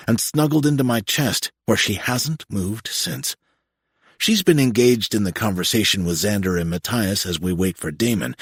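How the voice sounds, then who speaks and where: Male romance audiobook narrator, husky and intimate, dry booth sound. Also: lowish voice, dry recording.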